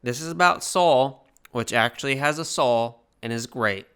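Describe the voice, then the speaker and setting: Young male reviewer, tipsy and profane, rambling, bright clear voice. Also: medium pitch, moderate pace. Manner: rambling, profane, animated, with many restarts. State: slightly tipsy. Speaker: film reviewer. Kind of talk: casual video review.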